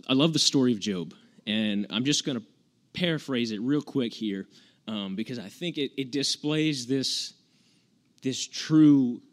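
A man preaching an informal sermon, earnestly retelling scripture in plain, everyday words with frequent restarts. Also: mid-range voice.

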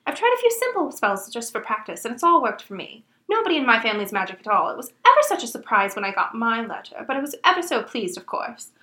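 A woman voicing a bossy, know-it-all young schoolgirl witch, talking primly and fast. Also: a little high, very animated, pushed and bright, echoey room. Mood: eager. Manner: prim, rapid, eager.

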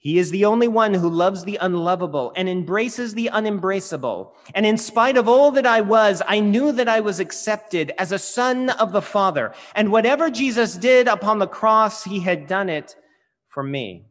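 In a big, reverberant hall, a pastor delivers an earnest sermon that builds emphasis on key phrases toward emphatic peaks. His voice sits high, a bit bright, with lively intonation at a moderate pace.

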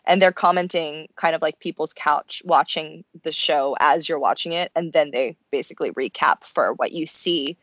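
A young woman co-hosting a casual chat, animatedly recapping a show and acting out quotes in high voices. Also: normal speed, few pauses, a bit bright, dry recording. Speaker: podcast co-host.

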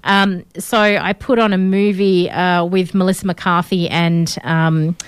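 Animated woman podcast host, dry sound. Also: fairly low pitch, measured pace, smooth, no echo. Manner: animated storyteller, opinionated. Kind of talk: casual chat.

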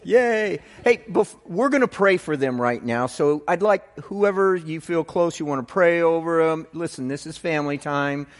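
A male pastor leading his congregation and praying over a departing family on a handheld microphone, energetic and fervent. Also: fairly high pitch, moderate pace, few pauses. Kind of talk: sermon and prayer. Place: church hall. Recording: reverberant church hall.

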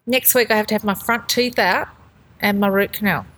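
A woman's voice: mid-range voice, fairly even intonation, a little fast, fairly bright tone, low-quality recording. A woman co-hosting a podcast in casual chat, telling stories with lots of laughter. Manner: chatty storyteller, laughs often, acts out quoted voices. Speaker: podcast co-host.

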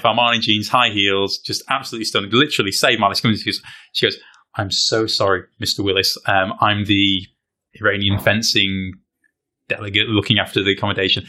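A British man tells a story in relaxed conversation, with a low-ish but bright, forceful voice. He is animated and self-deprecating and uses British slang freely. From Britain. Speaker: guest, fencer. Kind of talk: casual anecdote telling.

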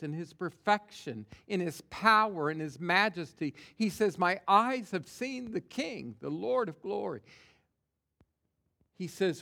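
A man preaching a sermon with passion, swinging from booming to hushed, reading and acting out scripture. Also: gravelly. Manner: reads and acts out scripture quotes.

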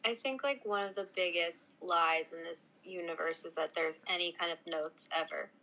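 A woman's voice: lowish voice, normal speed, sharp tone, rough recording. A woman in casual chat who mostly reacts with short remarks and interjections.

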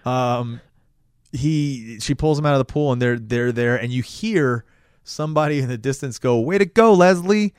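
A man's voice: medium pitch, moderate pace, clean tone, no echo. A man recapping a film in loose, profane podcast chat, jumping into the characters' voices as he goes. His voice sits mid-range, recorded close and dry with no room sound. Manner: animated storyteller, acts out quotes. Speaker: podcast co-host recapping a movie.

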